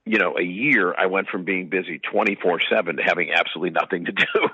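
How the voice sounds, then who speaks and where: A man's voice: low-pitched, fast, a little hiss or hum. A man guest in an interview, chatting through long rambling anecdotes with fillers, heard on slightly muffled audio. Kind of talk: casual storytelling.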